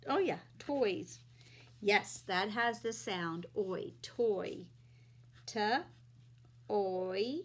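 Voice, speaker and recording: A woman teaches young children a phonics lesson, drawing out vowel sounds and letters one at a time. Her pace is very slow and deliberate, her voice neither high nor low. She speaks with steady, patient encouragement.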